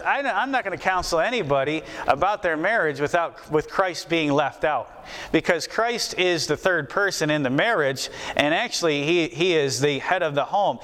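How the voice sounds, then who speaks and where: A man's voice: on the high side, a bit bright. Folksy preacher man in a reverberant hall. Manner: folksy, repeats phrases for emphasis. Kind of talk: sermon.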